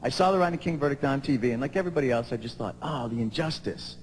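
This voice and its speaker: A man, doing a stand-up comedy routine and rising to shouted punchlines. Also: mid-range voice, animated, rapid-fire, slight background noise. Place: large theater stage before a live audience. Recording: long hall reverb, audible audience.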